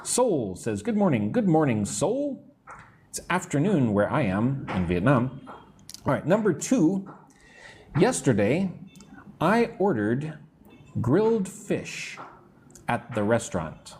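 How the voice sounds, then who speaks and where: A middle-aged American man teaching English on a live stream, answering chat comments and slowly modelling phrases for listeners to repeat. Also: medium pitch, sing-song, a little mellow, a little hiss or hum. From United States. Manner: slow, careful modelling of phrases for repetition. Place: room in Vietnam.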